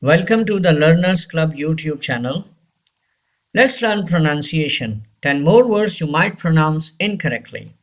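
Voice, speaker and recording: Slow, deliberate male pronunciation teacher. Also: fairly high pitch, expressive. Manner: repeats each word deliberately, corrective. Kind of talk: slow instructional drilling.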